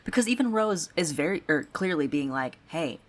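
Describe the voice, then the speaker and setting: Low-voiced sarcastic woman co-host. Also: animated, a little fast. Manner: sarcastic, profane, laughs often. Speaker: podcast co-host. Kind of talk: casual chat.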